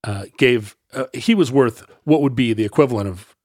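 Man, conversational storyteller, middle pitch, dry close recording, rambling self-corrections. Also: moderate pace, dry recording. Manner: rambling, self-correcting, laughs easily, tries funny voices. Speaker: podcast co-host telling a history story. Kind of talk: casual storytelling chat.

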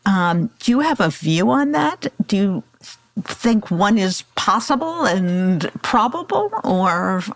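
A woman hosting an interview, asking measured, probing questions. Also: medium pitch, big pitch swings, no echo. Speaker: podcast host. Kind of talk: interview conversation.

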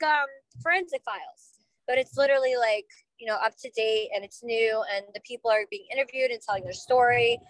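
A woman's voice: a little high, no echo, poor audio. A woman co-hosting a casual gossip podcast, blunt and opinionated, swearing casually. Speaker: podcast co-host.

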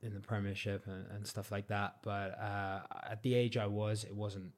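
A young man from Cornwall chatting casually as an interview guest, relaxed and modest, with lots of "like" and "um". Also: on the low side, moderate pace. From Cornwall, England. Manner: relaxed, modest, many fillers like "like" and "um". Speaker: guest, freestyle football champion.

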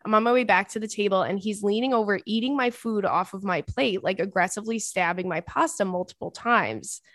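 A woman's voice: medium pitch, fairly quick, no room sound, clean studio sound. Woman dramatically retelling a listener story. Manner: expressive, dramatic storytelling with frequent exasperated asides. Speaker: podcast host. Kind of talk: casual chat, reading a listener's email aloud.

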